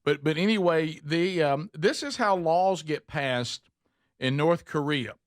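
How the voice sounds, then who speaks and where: A man's voice: a little high, lively intonation, no room sound, clean studio sound. A man hosting a talk show, brash and joking, mocking things in casual banter. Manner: brash, joking, quick to mock. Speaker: radio show host.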